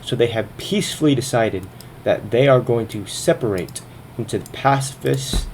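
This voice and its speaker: This man speaks at medium pitch and normal speed, with background noise in the clip. As a gaming video host, he casually narrates each turn of a strategy game, thinking aloud and now and then getting a bit breathless.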